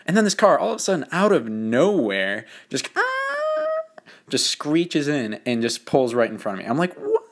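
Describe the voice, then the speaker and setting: A man's voice: medium pitch, sing-song, a little fast, few pauses. A teenage boy telling a story in a casual, joking way, rambling with lots of fillers and poking fun at himself. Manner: rambling, filler-heavy, self-mocking. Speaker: student narrating a drawing video.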